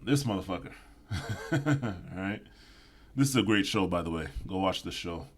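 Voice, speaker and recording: Deep-voiced rambling sarcastic male commentator. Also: animated, normal speed, breathy edge. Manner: rambling, profane, mock-apologetic asides. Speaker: video commentator.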